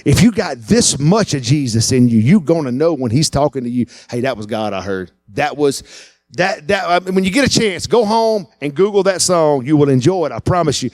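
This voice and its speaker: A man preaching a sermon, animated and acting out the voices he quotes. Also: on the high side, fairly quick, no room sound. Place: church.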